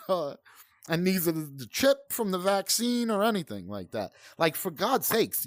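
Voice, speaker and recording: A man's voice: a little high, no echo, clean studio sound. A middle-aged man from Brooklyn, New York, hosting a gaming channel and ranting heatedly in profane, rambling commentary over gameplay.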